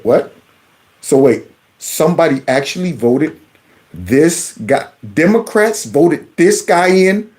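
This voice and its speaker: A man hosting a political commentary vlog, mocking a clip with sarcastic asides and repeating its words back. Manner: animated, swings from loud jabs to low mutters. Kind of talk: reaction commentary on a video clip.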